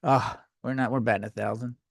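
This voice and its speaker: A man's voice: mid-range voice, fairly even intonation, fairly quick, gravelly, no room sound. Rambling podcast guy, dry close sound. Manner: rambling, scattered, self-mocking. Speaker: podcast host. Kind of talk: solo comedy podcast rant.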